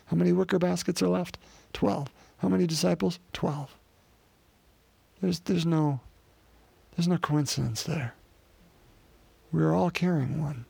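Male preacher, fairly high-pitched and raspy, earnest sermon with rhetorical questions. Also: a little mellow, dry recording.

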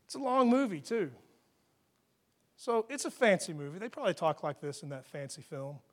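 A man with a high voice preaching to his congregation in a church hall. He talks conversationally, then climbs into emphatic peaks and drops into soft, hushed asides. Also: sing-song, moderate pace. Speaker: pastor. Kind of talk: sermon.

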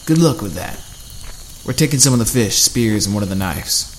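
A man's voice: on the low side, expressive, moderate pace, slight background noise, close to an everyday voice. A man voicing a big, burly man who is sarcastic and snarling as he walks out on the group.

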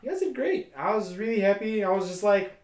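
A man's voice: sits high, big pitch swings, brisk, a little mellow, reverberant. A man hosting a podcast, chatting casually and rambling at length with many fillers. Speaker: podcast host. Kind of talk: casual chat.

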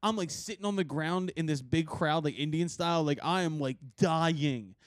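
Male podcast host, rambling storyteller with a high voice, dry close mic. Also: moderate pace, no room sound. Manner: rambling storyteller, laughs often, swears. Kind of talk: casual podcast chat. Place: rehearsal studio.

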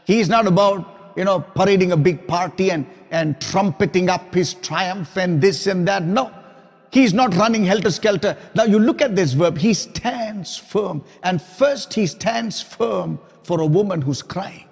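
A male pastor preaching a sermon, emphatic and repetitive, at times dropping his voice very low for quoted words. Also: unhurried, vocal fry. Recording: long hall reverb.

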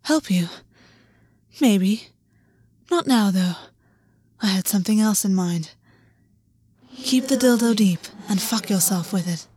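A woman's voice: mid-range voice, animated, slow, long pauses, dark tone, slightly rough, dry recording. Predatory waterhorse man voiced by a woman reader, lazy and commanding, teasing drawl, dry close sound.

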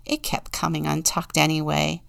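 A woman's voice: low voice, little pitch movement, moderate pace, vocal fry, fairly bright tone, no room sound, studio quality, heavily acted. A woman voicing a proud but kind-hearted male giant from a storybook, cheerful and a touch pompous.

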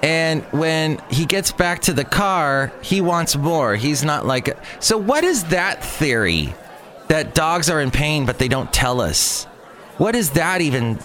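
A man's voice: a little high, big pitch swings, slow pace, a bit bright, some chatter behind. Chatty exasperated male podcast host. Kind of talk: casual solo podcast monologue.

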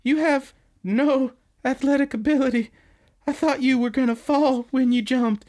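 A man voicing an excitable schoolgirl in a squeaky falsetto while retelling an anime. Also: moderate pace. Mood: worried. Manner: squeaky falsetto put-on girl voice. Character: high-pitched excitable schoolgirl.

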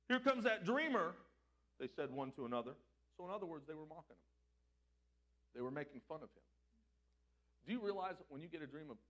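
A man preaching a sermon as pastor, swinging between loud emphatic lines and quiet, prayerful passages. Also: a little high.

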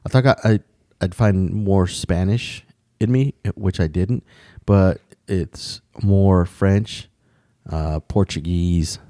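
A man's voice: sits low, slow pace, mellow, dry recording, clean studio sound. A man in casual conversation, rambling with frequent restarts and casual swearing. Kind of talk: casual chat.

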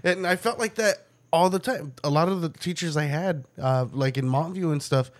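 A man co-hosting a podcast in casual chat, profane and laughing often, breaking into quick mocking impressions. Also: on the high side. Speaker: podcast co-host.

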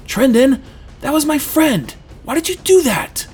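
A man's voice: fairly high pitch, very animated, moderate pace, breathy edge, faint music behind, full character voice. A man voicing an earnest young human traveler who speaks plainly and politely. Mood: alarmed. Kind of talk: audiobook character voice.

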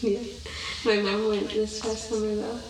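A woman's voice: mid-range voice, little pitch movement, measured pace, distant mic, very noisy. A young woman in casual podcast chat, teasing playfully. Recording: echoey, away from the mic, crowd behind.

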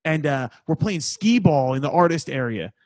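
A young man, a touring musician, chatting casually. He tells excitable stories and swears freely. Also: a little high, normal speed. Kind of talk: casual chat.

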